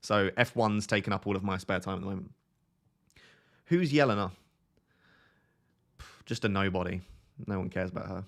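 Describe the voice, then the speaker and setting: A young man with a light Essex accent chats casually on a live stream, reading out viewer questions and answering them. He pokes fun at himself and laughs often. His voice sits a little on the low side. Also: moderate pace, vocal fry, pauses often, fairly bright tone. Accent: light Essex English. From Essex, England. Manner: chatty, self-mocking, laughs often.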